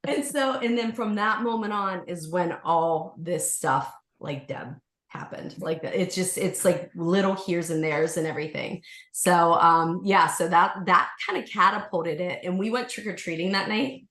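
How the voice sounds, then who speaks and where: A woman with a lowish voice tells a personal story in a casual podcast chat, animated and full of fillers, jumping into the voices of the people in it. Her voice carries a roomy echo. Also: unhurried. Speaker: yoga teacher and podcast guest.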